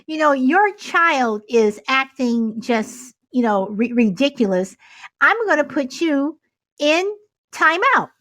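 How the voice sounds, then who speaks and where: Animated woman co-host, higher voice. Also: slow, dry recording. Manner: animated, exasperated storytelling with rhetorical questions. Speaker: podcast co-host. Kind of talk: casual chat.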